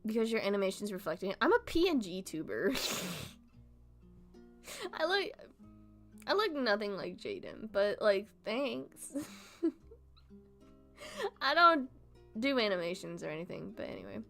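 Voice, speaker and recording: A young woman chats on her stream in a bright, forceful voice. She talks animatedly, swears freely and laughs often, with faint guitar music playing behind her. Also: medium pitch, very animated, a little slow, vocal fry, long pauses. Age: young adult. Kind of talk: casual chat stream.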